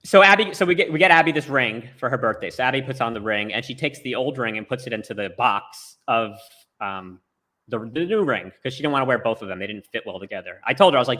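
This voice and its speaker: A man's voice: mid-range voice, animated, fast talker, pushed and bright. A man rambling through a story in casual chat over a remote call, with lots of "like" fillers. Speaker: storyteller on a talk show. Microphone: remote video call.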